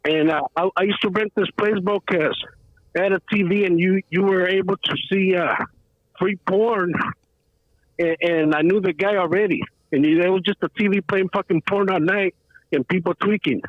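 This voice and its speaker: High-voiced caller with a streetwise ramble. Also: male voice, fairly even intonation, moderate pace, no echo. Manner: rambling, streetwise slang, repeats "bro". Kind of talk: casual storytelling. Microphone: phone call. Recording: tinny phone line.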